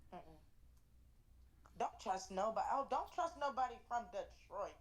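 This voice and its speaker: A woman's voice: on the high side, very animated, unhurried. Young woman, early twenties, interview guest; blunt, swears freely, emphatic delivery. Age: 20s. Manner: blunt, profane, emphatic storyteller. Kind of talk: casual storytelling in an interview.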